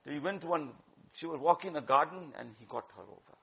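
A man delivers a sermon, urging and exhorting his listeners and slipping into Urdu phrases. His voice sits high for a man. The recording is dull and lo-fi. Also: expressive, quick pace, creaky. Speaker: preacher.

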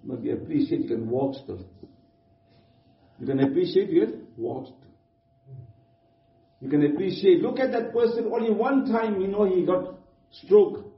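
This Islamic preacher's voice sits high, and he moves at a moderate pace with frequent pauses. He preaches earnestly in simple, non-native English, repeating himself, captured in a distant, dull, echoey room.

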